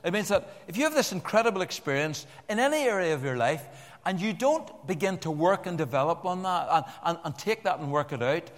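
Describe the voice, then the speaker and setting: Older male pastor, slightly high voice, lively sermon delivery with restarts and asides, long church reverb. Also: a little fast. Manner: animated, repeats words, jokes with the congregation.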